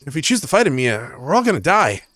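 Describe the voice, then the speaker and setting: A man's voice: on the high side, very animated, quick pace, pushed and bright, no echo, voice pushed down. A man reading aloud the lines of a fearful, scheming young male mage in an anxious, pleading way.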